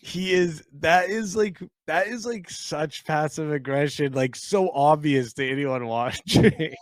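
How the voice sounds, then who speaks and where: A man with a slightly high voice riffs on a video in crude, joking commentary. He often breaks into mocking impressions of the people in it. The sound is dry, close and free of room echo. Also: measured pace. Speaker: podcast co-host. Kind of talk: casual comedic commentary over a video.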